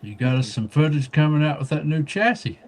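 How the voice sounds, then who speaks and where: A Kentucky man with a slightly high voice hosts a casual livestream at a brisk pace. He brings on guests one at a time, introducing each with folksy jokes.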